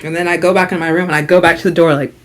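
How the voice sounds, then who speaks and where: A young woman tells a storytime vlog tale in a lowish, rapid-fire voice. Frank and gossipy, she swears freely and animatedly acts out the quotes.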